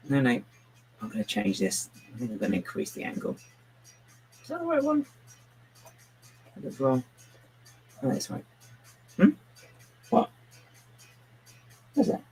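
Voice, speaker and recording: A man's voice: on the low side, sing-song, a little slow, vocal fry, long pauses, slight background noise, rough recording. A man chatting casually on a live stream while building, muttering to himself and to a pet on his lap. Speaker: livestreaming brick builder.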